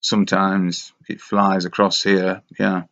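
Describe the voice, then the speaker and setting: A man's voice: low-pitched, monotone, takes it slowly, creaky, a bit bright. A man talking in a rambling, casual monologue, wry and self-mocking as he meanders from thought to thought, on a dull lo-fi recording. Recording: dull lo-fi sound.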